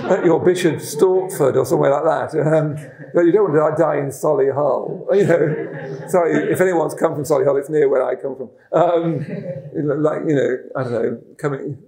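Male dharma teacher, fairly high voice, mellow, loose and self-deprecating, roomy echo. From West Midlands, England. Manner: rambling, self-deprecating, with frequent fillers and restarts. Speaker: Buddhist teacher. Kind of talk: dharma talk.

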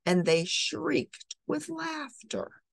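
A woman reading a picture book aloud, expressive and animated. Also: sits high, extremely slow, creaky, no echo. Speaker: storybook reader.

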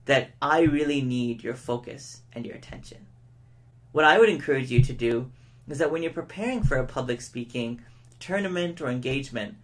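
A man giving a public speaking lesson, who shows each point by speeding up, slowing down and shifting his tone of voice. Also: mid-range voice. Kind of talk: educational lesson to camera.

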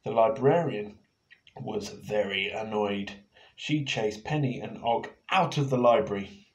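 A man reading his picture book aloud to children in a playful, expressive way, now and then turning to ask them questions. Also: on the low side, measured pace, dull audio. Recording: echoey room.

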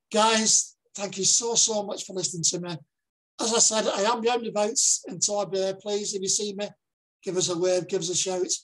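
Older Lancashire man, husky and a little breathy, earnest public speaker who repeats key lines for emphasis. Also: high-pitched, poor audio. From Lancashire, England. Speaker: dementia campaigner giving a talk. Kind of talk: public presentation.

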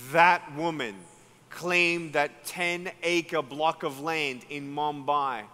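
An Australian man with a fairly high voice preaches an evangelistic sermon, telling a story in which he acts out each character's lines and builds to loud climaxes. The recording carries a long, hall-like reverb.

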